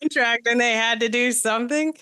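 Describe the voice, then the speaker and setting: A woman's voice: fairly high pitch, fairly quick, bright, forceful tone, clean tone. Wry woman telling an anecdote. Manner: wry storytelling. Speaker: panelist. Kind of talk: casual chat.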